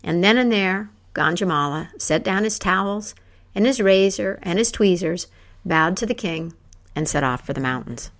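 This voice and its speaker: Lively woman telling a folk tale. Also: mid-range voice, moderate pace. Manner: lively, acts out characters. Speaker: storyteller. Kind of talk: oral storytelling.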